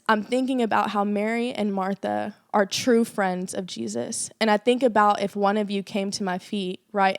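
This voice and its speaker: A woman's voice: mid-range voice, no echo, clean studio sound. A young woman co-hosting a faith podcast, telling a personal story in earnest casual chat with lots of fillers. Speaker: podcast co-host.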